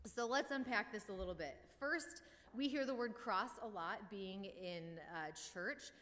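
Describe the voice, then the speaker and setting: A woman delivers a sermon in a relaxed, conversational way, dropping wry jokes between points. Her voice sits at an ordinary middle pitch for a woman. A long reverb trails behind her words, as in a church. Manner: casual and wry, with joking asides. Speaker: preacher.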